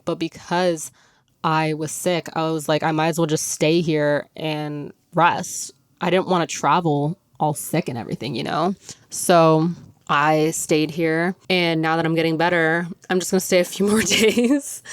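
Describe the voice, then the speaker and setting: A young woman chats on her podcast in a loose, rambling way, full of "like"s and easy laughter. Her voice sits a touch low, and she still sounds a bit worn from a recent illness. The sound is close and dry, with no room around it. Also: no room sound. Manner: chatty, lots of "like", laughs often. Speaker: podcast host. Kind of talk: casual chat.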